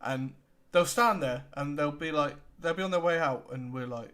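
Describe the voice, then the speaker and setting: A young man with a British accent, co-hosting a casual podcast, relaxed and laughing often as he retells customer exchanges. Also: on the high side, moderate pace. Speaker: podcast co-host. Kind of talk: casual chat.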